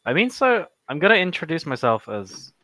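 A man playing a tabletop game, speaking hesitantly and low-key. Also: sing-song, normal speed, bright, forceful tone, dry recording, poor audio. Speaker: player.

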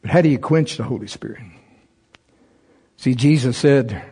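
A man preaching to a church congregation, mixing scripture with a funny personal story. His delivery is animated, with laughter breaking in, and his voice leaps high and loud at the excited moments. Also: a little slow, long pauses, husky. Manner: humorous, laughs through his own stories. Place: church service before a congregation.

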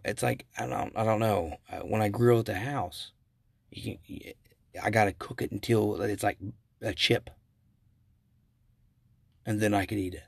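Male podcast host, low gravelly husky voice, rambling casual delivery, dry close mic. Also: dry recording. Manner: rambling, self-correcting storyteller with chuckles. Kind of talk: casual solo podcast commentary.

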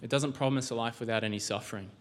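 A man's voice: mid-range voice, steady tone, very fast. A male pastor giving a sermon in a church, conversational, with rhetorical questions and frequent restarts.

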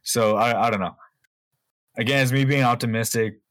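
A podcast co-host with a medium-pitched, fairly bright voice chats casually at normal speed, his intonation fairly even. He rambles with lots of fillers and swears freely, and there's no room sound.

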